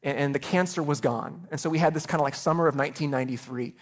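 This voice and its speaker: A pastor in his thirties delivers a sermon with earnest, personal warmth in his words. His voice sits slightly high for a man. He often repeats a word two or three times before a phrase gets going. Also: fast talker. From Chicago area.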